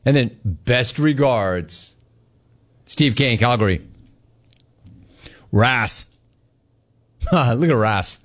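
A man's voice: medium pitch, lively intonation, extremely slow, pauses often, a bit bright. A middle-aged man hosting a live call-in show, reading viewer messages aloud in a brash, jokey, teasing manner. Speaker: talk show host.

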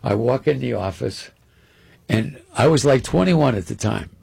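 A man telling a long anecdote on a radio show in an animated, rambling way, often repeating words. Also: mid-range voice, moderate pace, gravelly, slightly rough. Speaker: guest storyteller.

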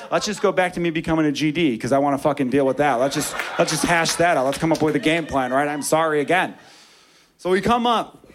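Man telling a loud, animated stand-up story. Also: a little high, a little fast. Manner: loud animated storytelling, swings into shouted character voices. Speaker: stand-up comedian.

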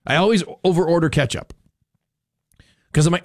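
A man's voice: fairly high pitch, fairly quick, pauses often, no room sound, studio quality. A man hosting a radio talk show, chatting in a rambling, opinionated way full of fillers and restarts.

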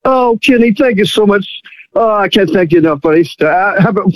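Male caller, high voice, effusive, stammers his thanks. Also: animated, brisk, dry recording, low-quality recording. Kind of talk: radio call-in.

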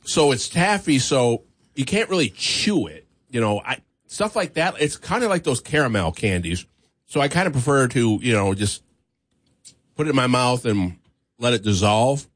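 A man's voice: medium pitch, lively intonation, normal speed, no room sound. A man hosting a radio morning show in the studio, chatting casually and laughing easily while taste-testing candy. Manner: easygoing, chatty, laughs often. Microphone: studio microphone.

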